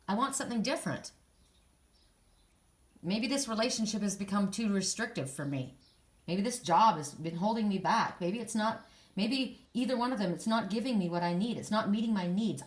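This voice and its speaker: A woman giving a casual spiritual card reading, talking straight to the listener in a rambling way, with restarts and soft sighs. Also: mid-range voice, animated, normal speed. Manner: emotional, soft and sighing in places. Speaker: psychic card reader.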